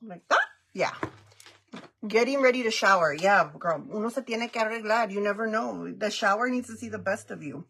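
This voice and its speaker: A woman's voice: medium pitch, moderate pace, creaky, a bit bright, breathy edge. A middle-aged woman chatting casually on a makeup livestream, giggling, greeting viewers by name and mixing Spanish phrases into her English. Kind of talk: casual live-stream chat.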